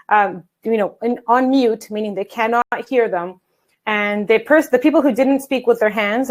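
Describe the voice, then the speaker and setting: Speaking from a standing desk in her home office, an English coach and presenter runs an online workshop in an energetic, chatty way, calling her viewers "guys." Her voice is fairly high. The video-call recording is low quality.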